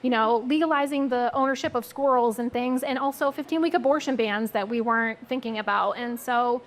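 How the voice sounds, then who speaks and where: A woman's voice: fairly high pitch, fairly quick. A woman community activist speaking on a live panel, conversational and hedging, who then hands the floor to another speaker. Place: live event at a coffee house.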